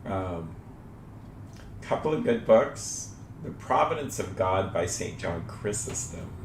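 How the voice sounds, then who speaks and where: A man hosting a faith talk show, speaking earnestly and reflectively about trusting God in daily life. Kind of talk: personal spiritual talk. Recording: echoey room with faint rumble.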